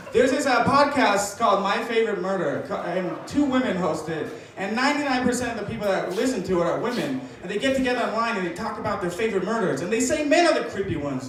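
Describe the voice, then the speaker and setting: A man doing a stand-up comedy set, telling deadpan dark jokes and acting out voices, with audience laughter behind him. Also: high-pitched, noisy background. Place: comedy club stage. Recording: echoey club from far off, crowd laughing.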